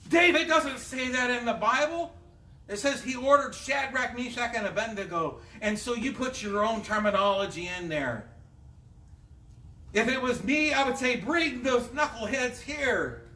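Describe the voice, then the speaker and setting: A man preaching a sermon, telling a Bible story in a lively, dramatic way. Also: extremely high pitch, moderate pace. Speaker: pastor. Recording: echoey room, mic at a distance.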